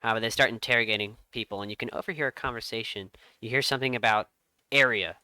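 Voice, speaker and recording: A man narrating a tabletop game as game master, telling the scene with dramatic pauses. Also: mid-range voice, no echo. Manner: lively storytelling with dramatic pauses.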